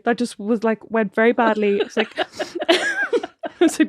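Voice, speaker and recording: A woman's voice: sits high, very animated, fairly quick. A woman in her thirties co-hosting a podcast, telling a family story with lots of laughter. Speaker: podcast co-host. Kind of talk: casual chat.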